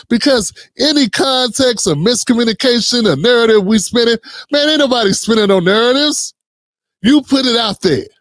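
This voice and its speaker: A man's voice: very high voice, no echo, studio quality. A man hosting a reaction commentary show, blunt and sarcastic, talking straight to his viewers. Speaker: commentary host.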